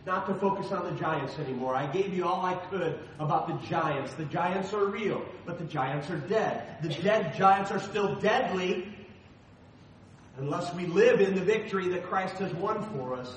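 A man preaching a sermon as pastor in a church, swinging between loud emphatic lines and soft asides. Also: high-pitched, moderate pace, far from the mic, slight background noise. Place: church sanctuary. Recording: very echoey hall, voice from afar.

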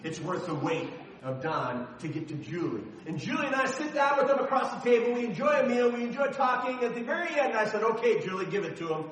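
A man preaching a sermon, dramatically reading scripture and then talking in a chatty, animated way. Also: extremely high pitch, fairly quick, slight background noise. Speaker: pastor. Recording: echoey hall, distant mic.

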